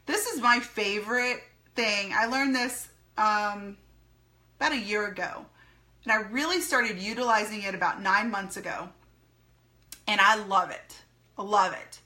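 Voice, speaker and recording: Woman coaching a sales team, bright tone, upbeat, repeats key phrases. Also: medium pitch, a little slow. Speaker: sales team leader and trainer. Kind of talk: recorded training talk.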